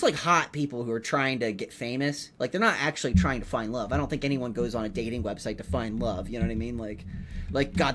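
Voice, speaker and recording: A young man hosting a comedy podcast, rambling in an animated, profane way and filling his talk with "like.". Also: mid-range voice. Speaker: podcast host, rookie stand-up comedian.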